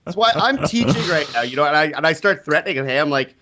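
Animated man telling a story. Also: a little high, fast talker, a little hiss or hum. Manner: animated, acts out quoted people with swearing. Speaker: teacher. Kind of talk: casual storytelling chat.

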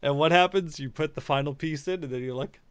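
A man's voice: fairly high pitch, fast, fairly bright tone, smooth, no echo. A man co-hosting a podcast, loose and chatty in casual talk, laughing easily. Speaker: podcast co-host. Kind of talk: casual chat.

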